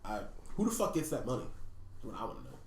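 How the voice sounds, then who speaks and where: A man co-hosting a podcast in casual chat, swearing freely and laughing loudly. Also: medium pitch, big pitch swings, fast talker. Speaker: podcast co-host. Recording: roomy echo.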